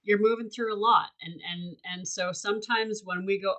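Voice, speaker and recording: A woman's voice: medium pitch, fairly even intonation, normal speed, a bit bright, low-quality recording. A woman co-hosting a casual podcast chat, reflective and coaching, often restarting her sentences. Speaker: podcast co-host.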